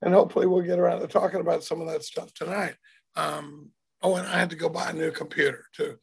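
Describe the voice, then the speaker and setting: An older man from Texas with a hoarse voice, telling his recovery story in a rambling, self-deprecating way over a video call from home. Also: fairly high pitch, level tone, quick pace. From Dallas, Texas. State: hoarse from throat trouble. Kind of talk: casual storytelling talk. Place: home, indoors.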